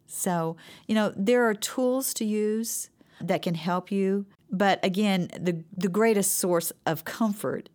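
A middle-aged woman in a faith-based conversation, telling her grief story earnestly and haltingly. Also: fairly low pitch, a little mellow. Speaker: co-host sharing grief experience.

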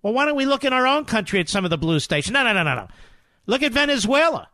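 A man's voice: extremely high pitch, sing-song, quick pace, sharp tone, no echo. A middle-aged man hosting a political talk radio show, combative and sarcastic, hammering his points with emphatic repetition.

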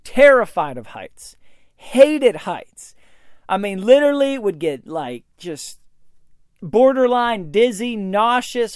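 A man's voice: sits high, smooth, no echo, clean studio sound. A man hosting a podcast, telling stories on his own and acting out the people he quotes, with a lot of fillers. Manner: animated when quoting others, many fillers. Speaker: podcast host. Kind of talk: solo podcast monologue, storytelling.

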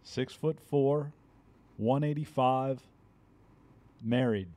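Dry, mellow-voiced man in his thirties. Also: medium pitch, takes it slowly. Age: 30s. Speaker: podcast co-host. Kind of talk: casual sports podcast banter. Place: studio.

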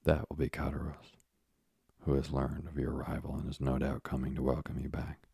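A man voicing a gentle, cautious old father in a storybook reading. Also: a bass voice, little pitch movement, brisk, creaky, husky, dry recording, clean studio sound, full character voice.

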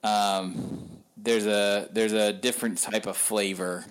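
A man with a very low voice talks through his reporting as a guest on a podcast. He speaks candidly and loosely, stopping and restarting often with plenty of ums, in an easy conversational way. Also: flat delivery, takes it slowly. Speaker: sports reporter. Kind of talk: casual podcast interview.

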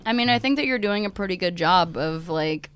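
Wry woman with a lively voice. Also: on the low side, brisk, clear, resonant tone, no room sound. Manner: wry, teasing remarks. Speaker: podcast guest. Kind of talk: casual chat.

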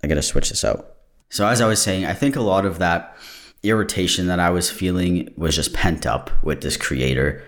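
Low-pitched male podcast host; candid, rambling solo talk that wanders off mid-sentence. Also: normal speed, fairly bright tone. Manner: candid and digressive, breaks off mid-thought. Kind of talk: casual solo podcast monologue. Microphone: camera-recorded.

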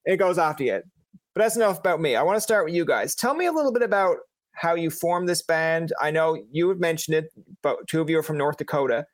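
Young man, Newfoundland accent, casual host, animated storyteller, higher voice, dry sound. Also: fast talker, no echo. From Newfoundland, Canada. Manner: lively storyteller, acts out voices. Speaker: podcast host. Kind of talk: casual chat.

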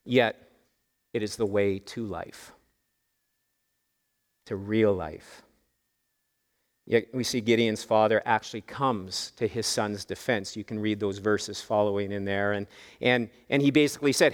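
A man preaching a sermon as pastor, telling the story in a lively way and acting out the voices of the people in it. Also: medium pitch, a little slow, long reverb tail.

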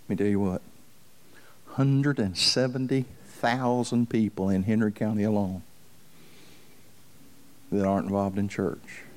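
A male pastor preaching a fervent sermon, repeating himself and building up loud as he tells stories. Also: fairly low pitch, fairly even intonation, measured pace, pauses often. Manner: fervent, builds up loud while telling a story; repeats himself and restarts for emphasis.

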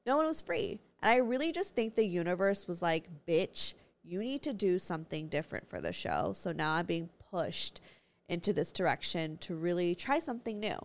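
Young woman, podcast host, casual chat, excitable, swears a lot. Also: on the low side, moderate pace. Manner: loud, excitable, swears freely.

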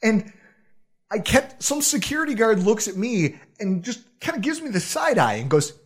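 A man co-hosting a podcast, telling a self-deprecating story in a casual, animated way with frequent laughs. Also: sits high, moderate pace, husky. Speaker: podcast co-host.

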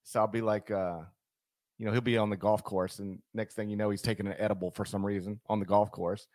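A man's voice: lowish voice, little pitch movement, fairly quick, a little mellow, no room sound, clean studio sound. A man hosting a sports radio show in casual, joking banter with his co-host.

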